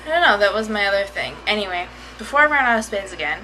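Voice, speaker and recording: A woman's voice: medium pitch, big pitch swings, fast, pushed and bright, a little hiss or hum, rough recording. A woman vlogging casually, chatty and rambling as she tells a story, often laughing. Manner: chatty, rambling, laughs while telling stories.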